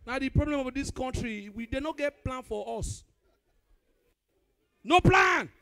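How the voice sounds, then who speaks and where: A young man with a Nigerian Pidgin accent doing live stand-up comedy, animated and bursting into shouts. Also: extremely high pitch, unhurried, creaky, dry recording, clean studio sound.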